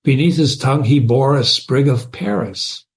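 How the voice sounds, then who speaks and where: A man reading a classic comic poem aloud, pausing to explain words and images to his listeners. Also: mid-range voice, gravelly. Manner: slow, explaining asides to listeners. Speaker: reader of classic poetry.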